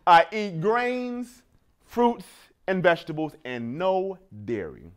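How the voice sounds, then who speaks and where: High, animated man doing stand-up. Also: slow, clean tone. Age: 30s. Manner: animated storytelling, laughing at his own jokes. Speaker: stand-up comedian. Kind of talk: stand-up routine.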